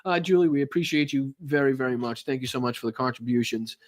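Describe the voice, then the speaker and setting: A man's voice: medium pitch, quick pace. A man hosting a political podcast live from home, chatting loosely, swearing and thanking viewers. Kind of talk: casual live-stream chat.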